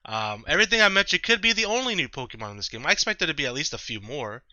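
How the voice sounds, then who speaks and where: Rambling guy doing a game playthrough, bright tense voice, dry sound. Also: a little high, sing-song, rapid-fire, dry recording. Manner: rambling, self-correcting, chatty. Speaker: let's-play host. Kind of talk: casual gameplay commentary. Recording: slightly dull lo-fi mic.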